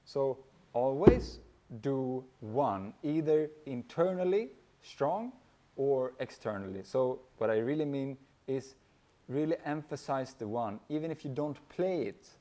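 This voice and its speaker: A man giving a relaxed drum lesson, counting beats aloud and singing the rhythms as he plays. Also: medium pitch, a little slow. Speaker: drum teacher. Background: hand drum playing.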